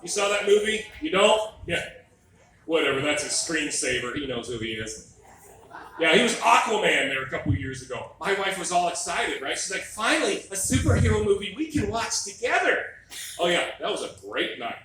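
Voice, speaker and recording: A man's voice: sits high, moderate pace, slight background noise. Wry middle-aged man doing stand-up. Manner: wry, animated, crowd-teasing. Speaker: stand-up comedian. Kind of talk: stand-up comedy set. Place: comedy club stage. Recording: live club mic, echoey room, distant.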